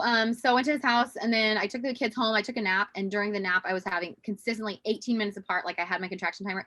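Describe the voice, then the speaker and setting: Her mid-range voice comes through a dry recording as this thirty-something podcast guest spins a long, casual tale. She's animated throughout, putting on voices for the people she quotes.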